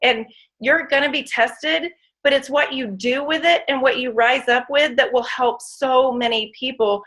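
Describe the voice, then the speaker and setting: A woman's voice: high-pitched, steady tone, unhurried, fairly bright tone, rough recording. A woman giving an emotional, emphatic inspirational testimony, speaking straight to her audience. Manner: emotional, emphatic, addresses audience as "you guys". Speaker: motivational speaker.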